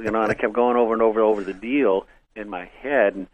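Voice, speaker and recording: An older man, a real estate investor, telling animated stories in casual chat, loud when quoting people. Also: on the low side, quick pace, crowd noise. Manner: animated anecdotes, voices quotes loudly. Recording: tinny phone-like radio broadcast.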